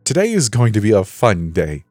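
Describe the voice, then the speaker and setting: A man's voice: on the low side, huge pitch swings, normal speed, a little mellow, dry recording, faint music behind, voice pushed up. A man voicing a huge, scarred middle-aged male killer who chats jolly and then hisses in a whisper, in a spoken horror story. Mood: gleeful. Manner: jolly cheer turning to hissing whisper.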